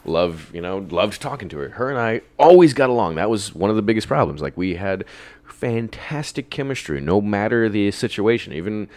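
Deep-voiced man telling a rambling story. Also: lively intonation, moderate pace, a little mellow. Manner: rambling storyteller, swears freely, laughs often. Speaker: podcast guest telling a story. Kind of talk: casual chat.

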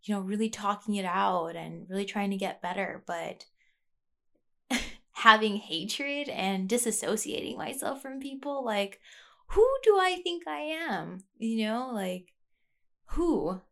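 A woman's voice: medium pitch, a little slow, gravelly, a bit bright. Young woman, podcast host, unscripted and reflective, many fillers and restarts, mid-range voice. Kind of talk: casual personal monologue. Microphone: plugged-in podcast mic.

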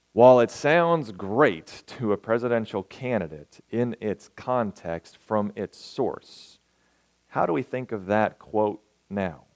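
Slow-talking male pastor preaching. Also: medium pitch. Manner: conversational storytelling, asks the listeners questions. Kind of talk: sermon.

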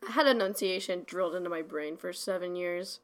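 A woman's voice: lowish voice, brisk. A young woman co-hosting a podcast in casual chat, answering in short teasing replies. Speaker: podcast co-host.

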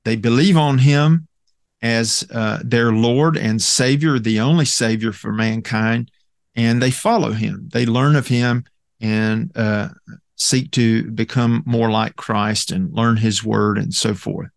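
A man's voice: mid-range voice, steady tone, slow, vocal fry, no echo, studio quality. A man teaching a Bible study lesson in a conversational way, with many fillers and restarts as he quotes scripture.

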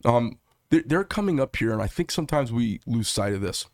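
A man's voice: medium pitch, expressive, brisk, darkish tone, no room sound, studio quality. A middle-aged man hosting a political interview, talking in a passionate, opinionated, rambling way. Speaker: talk show host.

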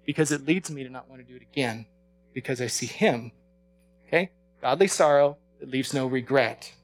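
A man with a slightly raised pitch gives a sermon at a Bible study. He talks casually and warmly, laughs often and restarts his thoughts. Faint music plays behind him. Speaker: pastor leading a Bible study.

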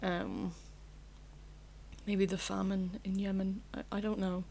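A woman's voice: mid-range voice, little pitch movement, slow, vocal fry, a little mellow, a little hiss or hum. Candid, rambling young Irish woman. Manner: candid, rambling, swears freely. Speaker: podcast host. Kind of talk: casual solo podcast chat. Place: bedroom.

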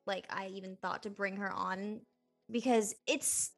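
A woman's voice: mid-range voice, fairly even intonation, measured pace, faint music behind. A woman in her twenties co-hosting a podcast, chatting casually and rambling with lots of fillers and giggles. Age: 20s. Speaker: podcast co-host. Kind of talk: casual chat.

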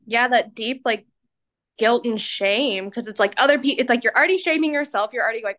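A woman in her twenties appears as a podcast guest, candidly sharing personal stories in a chatty, self-mocking way and laughing often. Her voice is fairly high, brisk and a bit bright.

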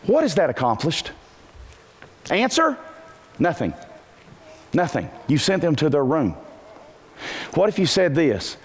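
A man preaching a sermon to a congregation, animated, asking rhetorical questions and breaking into bursts of shouting. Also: fairly high pitch, moderate pace, long pauses. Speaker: pastor.

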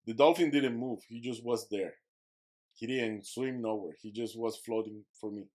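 Male guest, mid-pitched, earnest storyteller, emphatic with non-native phrasing. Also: moderate pace, darkish tone. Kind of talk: personal storytelling in an interview.

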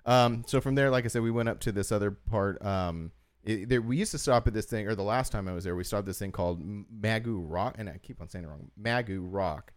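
A man's voice: on the low side, fast. A man co-hosting a podcast, chatting casually and telling long stories full of fillers. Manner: rambling storyteller, heavy use of "like". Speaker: podcast co-host. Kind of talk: casual chat.

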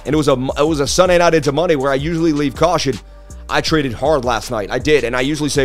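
A man's voice: mid-range voice, steady tone, quick pace, faint music behind. A man hosting a crypto chart livestream in a hyped, boastful way, talking straight to viewers, his voice slightly worn. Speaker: crypto market analysis livestream host. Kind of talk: casual livestream chart analysis.

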